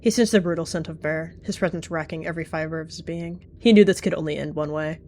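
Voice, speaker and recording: A woman's voice: deep voice, quick pace, a little mellow, slight background noise. A woman giving dramatic, vivid storytelling narration of a game roleplay. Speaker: channel host narrating a roleplay.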